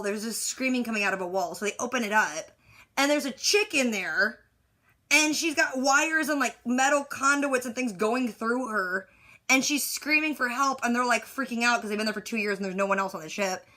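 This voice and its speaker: A woman with a slightly high voice rants casually about a movie, rambling and exasperated. She fills her talk with "like" and restarts as she piles up complaints. Her own side of a phone call is recorded on a device. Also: bright, forceful tone. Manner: exasperated, rambling, heavy use of "like". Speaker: movie recap vlogger. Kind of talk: casual ranting movie recap.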